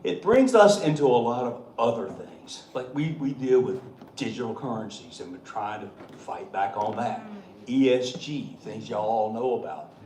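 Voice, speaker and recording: With a medium-pitched, somewhat dark and expressive voice, a middle-aged state treasurer moves at a moderate pace through folksy, funny stories for a meeting, often chuckling. The hall is echoey, with faint background noise.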